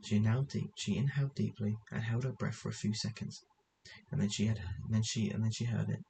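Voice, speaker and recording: A man reads a story aloud in a low, gravelly, even voice that barely rises or falls, moving briskly. He often stumbles over words and goes back to correct them, and the rough recording has a faint hiss behind it.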